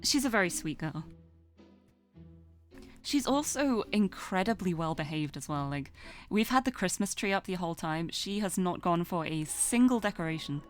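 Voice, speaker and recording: A woman streamer chats in a casual, playful way, her pitch swinging widely as she talks. Game music plays clearly behind her. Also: animated, normal speed. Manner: playful, coos and baby-talks to her cat.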